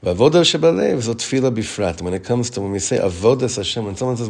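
A man teaching a Torah class as rabbi, reading text quickly and explaining it in chatty English. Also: sits low, husky. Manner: reads Hebrew text fast, then explains it in relaxed English; chatty, with frequent restarts.

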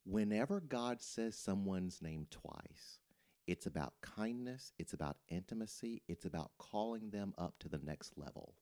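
Deep-voiced man explaining scripture. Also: lively intonation, measured pace, dark tone. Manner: reflective, teacherly, explains scripture. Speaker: pastor. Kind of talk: casual podcast conversation.

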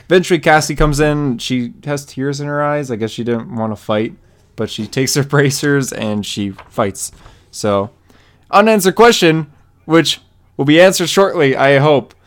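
A man co-hosting a podcast, eagerly recapping a comic issue and playing out the characters' lines in a raised voice. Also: normal speed. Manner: excited retelling, acts out character lines in a higher voice. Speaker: podcast co-host. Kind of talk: casual comic book chat.

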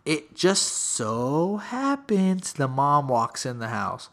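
A man's voice: fairly high pitch, sing-song, slow pace, fairly bright tone. A man casually telling a long story to a friend, acting out the people in it.

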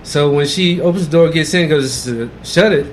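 A man's voice: a little high, normal speed, slight background noise. A man telling a story on a podcast, swearing freely and acting out what people said. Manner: profane animated storytelling, acting out quotes loudly. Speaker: podcast co-host.

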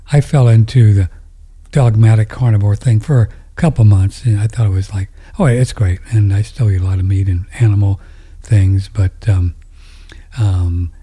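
A man hosting a talk radio show, chatting in a meandering way and trailing off into soft asides. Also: fairly low pitch, slightly rough. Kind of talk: casual rambling talk.

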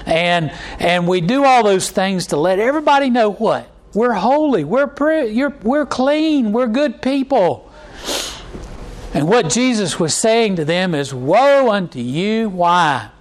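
A man's voice: high voice, animated, a little slow, low-quality recording. A pastor preaching a conversational sermon to his church, with many fillers and restarts and mocking impressions.

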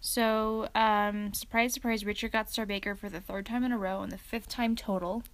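A woman co-hosts a podcast, chatting casually and filling her speech with lots of "like" and "um." Her mid-range voice keeps a fairly even intonation at a moderate pace.

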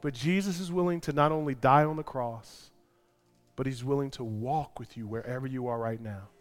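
A male pastor preaching a sermon, moving from quiet personal storytelling to loud, impassioned preaching. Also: medium pitch, normal speed, faint music behind.

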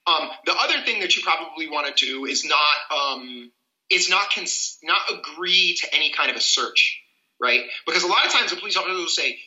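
Earnest man explaining legal rights, bright voice. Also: a little high, normal speed, echoey room, dull audio. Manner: earnest, animated explainer who acts out little scenes. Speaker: civil rights attorney, guest.

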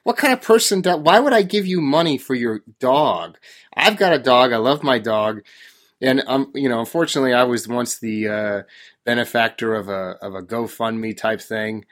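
A man hosting a casual podcast, ranting about everyday annoyances with an exasperated edge and laughing at his own complaints. His voice sits at a middle pitch. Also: normal speed, fairly bright tone. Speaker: podcast host. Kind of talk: casual chat.

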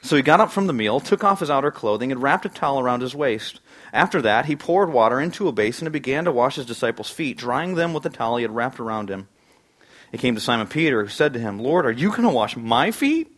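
Guy preaching a sermon, earnest, talky, then gets real loud on key points. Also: medium pitch, expressive, fast talker. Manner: earnest preaching with sudden bursts of emphasis. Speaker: pastor.

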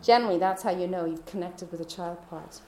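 A woman's voice: fairly low pitch, fast, a little mellow, a little hiss or hum. A woman podcast host telling her personal faith testimony in a heartfelt, confiding way. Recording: roomy echo.

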